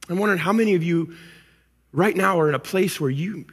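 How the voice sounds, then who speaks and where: A man preaching a sermon as pastor, animated and acting out angry complaints before dropping to soft, intimate tones. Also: sits high, brisk, slightly rough. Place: church auditorium. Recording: church hall reverb with music.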